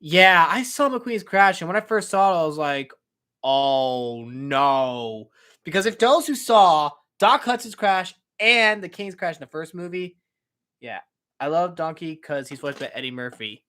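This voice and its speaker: A man's voice: high voice, animated, normal speed, pushed and bright. A young man hosting a casual live-stream Q&A, answering chat questions in an upbeat, rambling way with many fillers and self-corrections.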